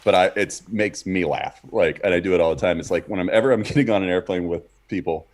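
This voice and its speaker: This podcast co-host talks fast in a low, darkish voice on a streamed podcast mic. He rambles through profane stories in casual chat, stumbling over fillers and restarts.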